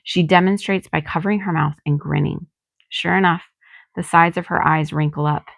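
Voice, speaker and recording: Low, gravelly woman reading aloud. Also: steady tone, moderate pace, no room sound. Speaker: author reading her novel. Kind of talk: audiobook reading.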